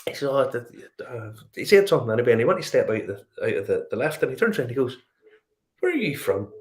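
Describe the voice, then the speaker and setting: A middle-aged man with a Northern Irish accent, telling animated travel stories in casual chat and acting out the dialogue. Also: medium pitch, rapid-fire. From Northern Ireland. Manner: animated storyteller, acts out dialogue. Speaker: whiskey show guest.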